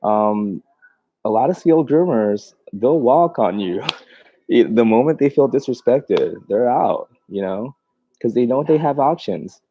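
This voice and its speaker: On a casual livestream, a mobile dog groomer reads out viewers' comments in a mid-range voice with lively intonation and a measured pace. He laughs a lot and talks in rambling bursts with many fillers and restarts, and the recording is dry and lo-fi.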